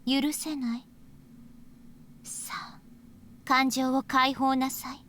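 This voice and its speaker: An actress voicing a cold, scheming young woman in a game, speaking calmly and aloofly, sometimes half-whispering. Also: high-pitched, a little slow, slight background noise. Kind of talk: Japanese anime game voice acting.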